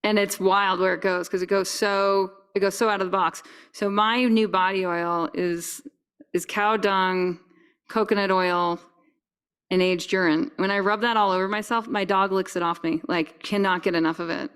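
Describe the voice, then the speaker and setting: A woman's voice: medium pitch, steady tone, moderate pace, a bit bright, clear, resonant tone. A woman who is a podcast guest, talking candidly and enthusiastically in a casual conversation.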